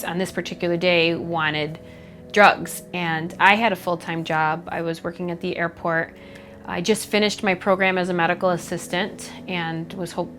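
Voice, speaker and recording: Candid young woman with a low voice. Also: slight background noise. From Chicago, USA. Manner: candid, reflective, halting with frequent fillers. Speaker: MMA fighter. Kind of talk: documentary interview, personal story. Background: faint background music.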